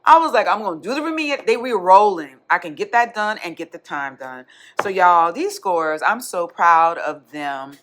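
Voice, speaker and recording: A woman kindergarten teacher, chatting excitedly to her vlog audience, restarting often. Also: lowish voice, moderate pace. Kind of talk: casual vlog chat.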